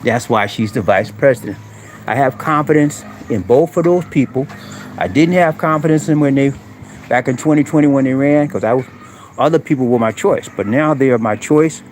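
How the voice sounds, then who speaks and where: His mid-range voice is a touch mellow and moves at a normal pace, with a faint hiss or hum in the recording. This middle-aged man is streaming live from rural outdoors, preachy and blunt as he talks straight to viewers in slang during casual chat.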